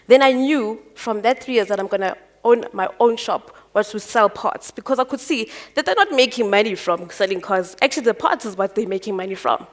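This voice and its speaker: A South African woman telling her life story on stage, animated and acting out the dialogue. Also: medium pitch. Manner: animated, acts out dialogue with quick voice jumps. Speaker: entrepreneur speaker. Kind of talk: personal storytelling talk.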